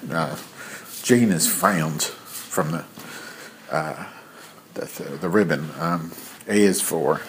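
Low-voiced man rambling through a story. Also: slight background noise. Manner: rambling and profane, with many fillers. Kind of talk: casual storytelling.

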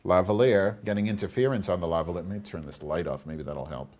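Low-voiced crude rambling male podcast host. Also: quick pace, a little mellow. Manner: crude, rambling, camp asides. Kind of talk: solo podcast banter. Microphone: lavalier.

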